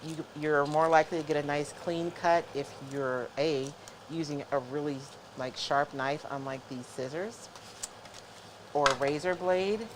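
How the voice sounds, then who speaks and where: Middle-aged woman, low-pitched, casual live-stream craft host who talks viewers through every step. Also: a little slow, background noise. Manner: chatty, explains step by step to viewers.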